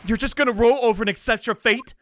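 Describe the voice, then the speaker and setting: A man's voice: extremely high pitch, fast talker, voice pushed up. A man voicing a polite but firm female legal assistant in a video game playthrough, speaking formally and scolding.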